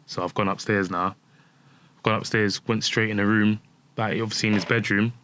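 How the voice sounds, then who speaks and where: Low-voiced man. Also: fairly even intonation, fairly quick, fairly bright tone, slight background noise. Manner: candid, acts out quoted dialogue, many restarts. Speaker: guest footballer. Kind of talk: personal storytelling in conversation.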